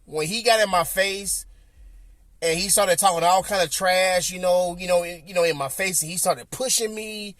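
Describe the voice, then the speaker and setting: High-voiced Southern man telling a story. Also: normal speed, no room sound, studio quality. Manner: animated, repeats himself, acts out quotes. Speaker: podcast host. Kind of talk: casual storytelling.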